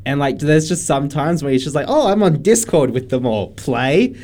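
A man's voice: on the high side, animated, moderate pace, a little mellow. A man chatting casually on a podcast, rambling with lots of fillers. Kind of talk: casual chat.

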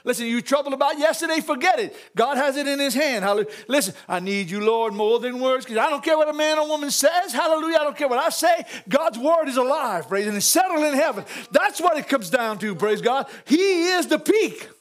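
A man with a strikingly high voice preaches in his church. He works the congregation with call-and-response, bursting into laughter and raising his voice to a shout. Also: animated, fast, few pauses. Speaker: pastor. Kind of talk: sermon.

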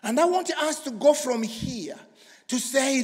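Slow high-voiced preacher. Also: male voice. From Congo. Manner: emphatic, swinging from loud to hushed. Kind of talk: sermon. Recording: long hall reverb.

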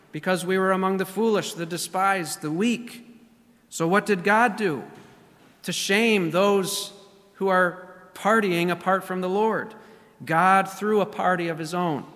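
A man with a somewhat high voice delivers a sermon as pastor. He speaks deliberately, repeating key phrases and drawing out his emphasis. His voice rings with the long reverb of a church hall. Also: fairly bright tone. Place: church sanctuary.

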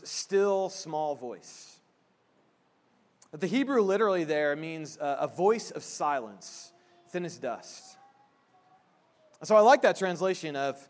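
A man in a church sermon, his voice sitting a little higher than most men's. He talks like he's chatting with the congregation, stumbling and restarting mid-thought as he goes. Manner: conversational preaching with frequent restarts; soft, hushed prayer. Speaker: pastor.

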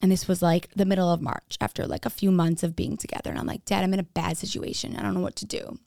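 A woman's voice: fairly low pitch, flat delivery, fast talker, vocal fry, mellow, no echo, clean studio sound. A young woman candidly telling her own story in a casual way, acting out what others said. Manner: candid, frequent "like", acts out quoted dialogue.

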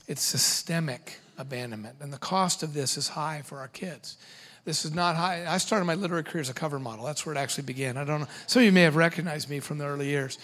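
A middle-aged man giving a humorous seminar talk to parents, animated and quick with joking asides. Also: fairly high pitch.

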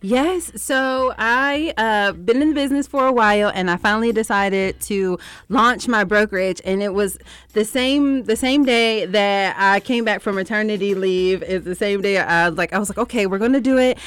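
A woman's voice: medium pitch, normal speed, fairly bright tone, clean tone, no echo. A woman from Georgia, a commercial real estate broker, telling her story as a radio guest in an upbeat, confident way. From Atlanta, Georgia. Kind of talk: radio interview.

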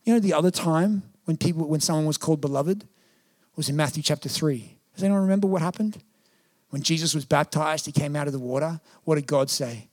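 Man preaching softly and earnestly. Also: fairly quick. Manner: earnest, intimate preaching, often dropping to a soft low voice. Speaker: pastor. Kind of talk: sermon. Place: church hall.

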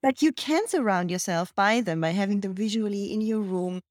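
A woman's voice: mid-range voice, normal speed, no echo. Woman host, thoughtful long summaries, dry close mic. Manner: reflective, long summarizing turns. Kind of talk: interview conversation.

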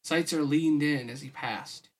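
A man's voice: a little high, a little slow. A tired man reading a novel aloud for his podcast, with casual, weary asides. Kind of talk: audiobook-style story reading.

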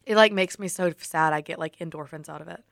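A young adult woman co-hosting a casual podcast, chatty and excitable, peppering her speech with "like". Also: low-pitched, quick pace, vocal fry, dry recording, clean studio sound. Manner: chatty and excitable, heavy use of "like". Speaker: podcast co-host. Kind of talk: casual chat.

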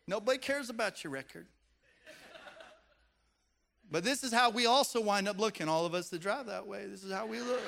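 In a church sanctuary full of people, a male pastor delivers a playful sermon and quizzes the congregation with questions. His voice sits high, creaky and a bit bright, moving at normal speed with long pauses, and a long hall reverb trails each line.

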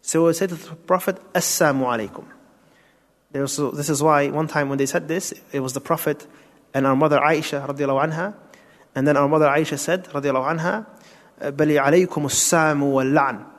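A man's voice: a little high, steady tone, brisk. A man giving a Quran tafsir lesson, explaining step by step, asking rhetorical questions and mixing in Arabic terms. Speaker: Islamic teacher. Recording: long hall reverb.

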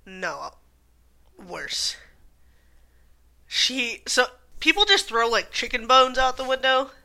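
A woman's voice: sits high, very animated, slow pace, gravelly, pushed and bright. A woman co-hosting a casual chat, telling stories with lots of fillers. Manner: chatty storytelling, frequent fillers and laughs.

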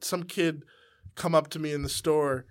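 Young man, slightly high voice, rambling storyteller, casual podcast chat. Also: fairly even intonation, moderate pace. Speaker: podcast co-host.

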